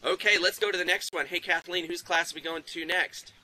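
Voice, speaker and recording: A man's voice: sits high, fairly even intonation, a little fast, bright, forceful tone, a little hiss or hum, poor audio. A man hosting a live online class field trip, quizzing school classes in an upbeat, encouraging way. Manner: upbeat, encouraging, praises kids. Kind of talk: live interactive quiz with classrooms.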